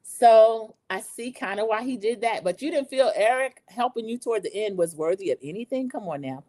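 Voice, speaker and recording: A woman's voice: on the high side, fairly quick, no room sound, clean studio sound. Chatty woman recapping TV. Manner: chatty, animated, talks straight to listeners. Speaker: podcast host. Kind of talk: casual TV recap chat.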